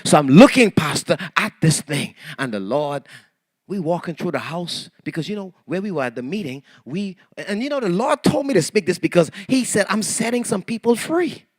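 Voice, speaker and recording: A man preaching a sermon, telling a story with animated swings between hushed and loud delivery and acting out the voices of others. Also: high-pitched, moderate pace, no echo, studio quality. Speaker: pastor.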